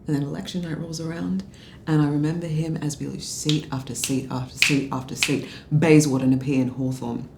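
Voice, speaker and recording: A woman's voice: deep voice, steady tone, fairly quick, vocal fry, hardly any pauses, reverberant, background noise. An actress playing a drunk Australian political media adviser, bitter and sarcastic as she rambles through a story. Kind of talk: film drama dialogue.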